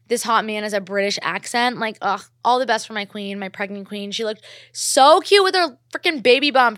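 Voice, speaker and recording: A young woman from New Jersey chats alone on her podcast, gushing freely and packing her sentences with "like." Her voice sits at a middle pitch, recorded close and dry with no room sound. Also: fairly bright tone, no room sound. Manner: gushing, filler-heavy, lots of "like". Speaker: podcast host. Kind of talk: casual solo chat.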